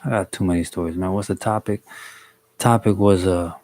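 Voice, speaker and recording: A young man from the DC, Maryland and Virginia area telling a story on a live stream in a relaxed, slangy way, greeting viewers by name. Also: sits low, a little fast, no echo. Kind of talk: casual storytelling on a livestream.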